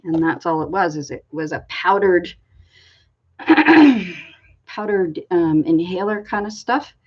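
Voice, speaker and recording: A woman from Canada talks slowly and casually as a crafting host, wandering from one thought to the next. A slight frog sits in her throat, and she clears it often. Her fairly low voice comes through a dull, lo-fi recording. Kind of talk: casual rambling chat.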